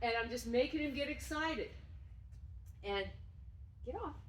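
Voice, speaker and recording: A woman's voice: lively intonation, measured pace, slight background noise. Woman dog trainer, roomy distant sound. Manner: bursts into high, loud, effusive praise for the dog. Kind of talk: demonstrating dog training outdoors.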